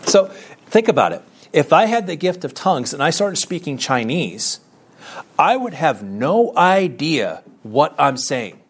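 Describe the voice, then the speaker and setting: A man's voice: on the high side, very animated, measured pace, husky. A man giving a conversational sermon as a Bible teacher, asking rhetorical questions and reading scripture aloud.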